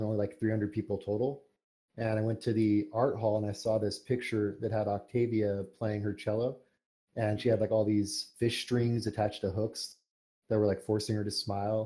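A young man, a podcast guest who writes fan fiction, talking casually and rambling with lots of fillers. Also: fairly low pitch. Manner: relaxed, rambling with many fillers. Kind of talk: casual interview chat.

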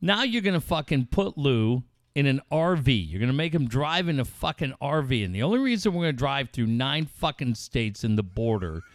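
A man's voice: medium pitch, normal speed, few pauses, no room sound. A man in casual chat, blunt and profane, teasing and arguing with his co-host. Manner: blunt, profane, animated ribbing.

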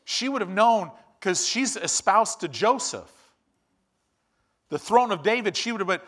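A man preaching a sermon in an animated, exclamatory way with quick asides. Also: high voice.

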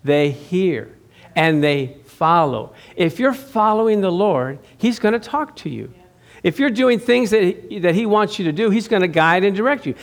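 A middle-aged male pastor with a high-pitched voice preaches to his congregation in a chatty, conversational way. He poses rhetorical questions and often doubles back to repeat or restart his phrases. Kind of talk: sermon.

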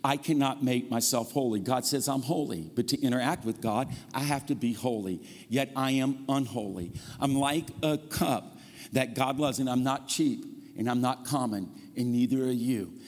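A man's voice: mid-range voice, moderate pace. A man preaching a sermon as guest pastor, telling funny stories and calling the congregation to say amen. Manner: animated storytelling preacher, calls for amens. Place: church sanctuary. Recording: long hall reverb.

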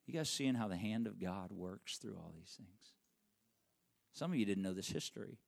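A middle-aged man preaching a sermon, telling a personal story and swinging from loud emphatic peaks to hushed, near-whispered lines. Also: mid-range voice, vocal fry. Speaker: pastor.

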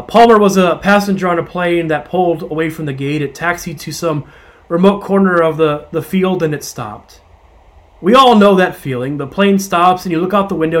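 A man with a high, light voice delivers a sermon. He retells the gospel story in a conversational way, gives the disciples voiced asides, and slows down to stress key points. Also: a bit bright. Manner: retells scripture with voiced asides, slowing for emphasis. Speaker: preacher.

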